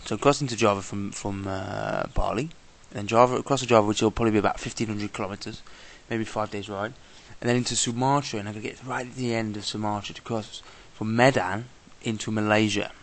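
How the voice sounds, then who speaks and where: A man's voice: on the low side, fairly even intonation, brisk, few pauses. A man talking casually in a travel vlog, exasperated and swearing, often imitating the people he met. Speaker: traveller vlogger.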